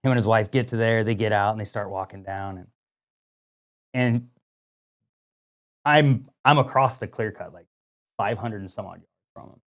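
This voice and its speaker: Casual male podcast co-host, lively storyteller who acts out what people said. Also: fairly low pitch, normal speed, long pauses. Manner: animated storyteller, lots of "like" and quoted dialogue. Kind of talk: casual hunting story chat.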